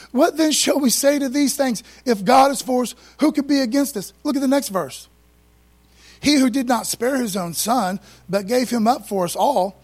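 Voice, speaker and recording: A preacher with a rather high, husky voice delivers a sermon in a loose, conversational way, tossing in slang and asides between scripture readings. When he's fired up, he gets excited and rushes ahead.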